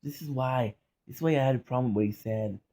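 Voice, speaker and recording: A man's voice: medium pitch, fast, mellow. A man hosting a reaction video, giving casual, candid, profane commentary with lots of restarts and fillers.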